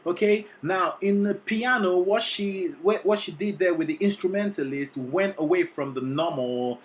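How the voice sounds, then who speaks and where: A vocal coach reacting to a singing performance, excitable and teacherly, often checking in with the listener. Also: mid-range voice, normal speed. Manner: excitable, sings short demonstrations between explanations; teacherly, keeps checking in with "okay?". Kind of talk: reaction video commentary.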